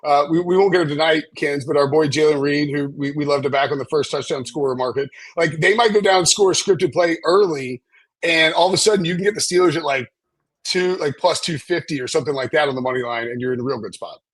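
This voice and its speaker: Rambling male betting analyst; husky, slightly high voice, dry close sound. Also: fast, no echo. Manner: rambling, hesitant, lots of fillers and restarts. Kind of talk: casual live-stream betting chat.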